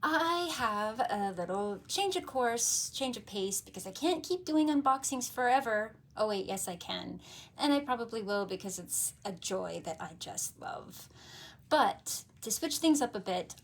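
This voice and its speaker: A woman's voice: mid-range voice, lively intonation, normal speed. A woman hosting a tarot video, telling a story in a casual, playful and goofy way that is full of laughs.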